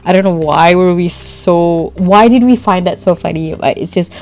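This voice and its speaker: A woman's voice: fairly low pitch, normal speed. Giggly young woman with a Malaysian accent. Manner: giggly, excitable, laughs often. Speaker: podcast host. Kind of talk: casual storytelling monologue.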